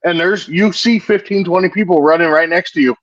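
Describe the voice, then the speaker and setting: A man's voice: sits high, a little fast, over a noisy crowd. A man telling stories in casual chat, joking and swearing freely. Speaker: co-host of a livestream hangout. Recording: dull lo-fi stream audio.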